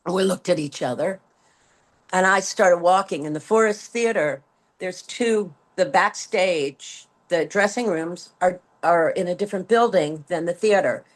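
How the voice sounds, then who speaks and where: A woman in her seventies, a former stage performer, telling a backstage story in an interview and acting out the quoted dialogue with lively swings in her voice. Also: fairly low pitch, a little slow. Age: 70s. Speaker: guest, former Broadway performer. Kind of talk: anecdotal storytelling.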